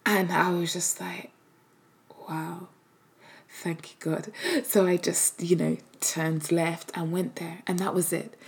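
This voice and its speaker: A woman sharing a personal faith testimony, speaking softly and hesitantly, often slipping into a breathy half-whisper. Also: on the low side, level tone, a little slow, hardly any pauses. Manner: hesitant, with many fillers.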